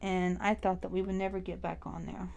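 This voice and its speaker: A woman's voice: medium pitch, level tone, a little fast, vocal fry, a little mellow. A woman in her forties, chatting casually about her stitching projects in a rambling way. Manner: rambling and chatty, full of fillers. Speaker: cross stitch vlogger. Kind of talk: casual chat while stitching.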